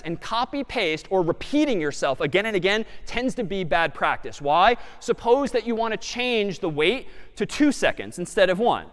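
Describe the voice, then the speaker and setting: A man giving a live computer science lecture, thinking aloud as he works through a demo. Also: high voice. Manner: lively and animated, thinking aloud. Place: large lecture hall. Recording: lecture hall with long reverb.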